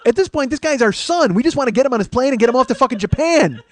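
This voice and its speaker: A man's voice: very high voice, expressive, very fast. A man in his forties hosting a comedy podcast, telling a profane story and acting out the people in it. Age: 40s. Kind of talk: comic storytelling monologue.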